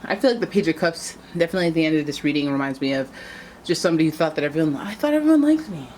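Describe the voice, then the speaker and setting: A woman with a low voice reads tarot cards in a casual, chatty way. She talks straight to her viewers and wanders into playful asides, with a faint hiss in the background. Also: racing, a little mellow. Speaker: tarot reader. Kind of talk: casual tarot reading to camera.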